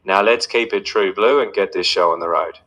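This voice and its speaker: A man's voice: low voice, a little fast, bright, forceful tone, husky, full character voice. A synthetic male voice putting on an Australian accent, slangy and firm. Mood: hearty. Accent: put-on Australian.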